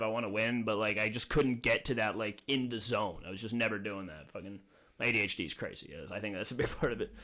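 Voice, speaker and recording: A podcast host talking quickly and loosely. His sentences wander and are stuffed with filler words. His voice sits at a mid pitch for a man. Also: bright, forceful tone. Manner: rambling, full of "like" fillers, self-reflective. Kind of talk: casual chat.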